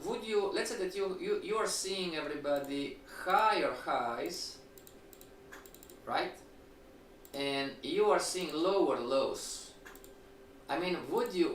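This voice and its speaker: A fairly high-voiced man teaches a trading class with lively rhetorical questions. He sounds set back from the mic in an echoey room. A faint hiss runs under his voice. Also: distant mic. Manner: animated, rhetorical questions, acts out students' replies. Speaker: trading instructor. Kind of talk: live-streamed lecture.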